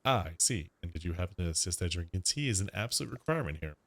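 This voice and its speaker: A man reading a gentle, formal tea shop keeper. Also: low-pitched, lively intonation, very fast, gravelly, full character voice. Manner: formal, slightly odd grammar, soothing.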